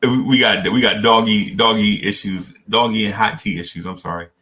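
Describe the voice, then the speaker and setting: A man hosting a podcast, chatting casually about sports in an animated, digressive storytelling way. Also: lowish voice, normal speed. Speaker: podcast host.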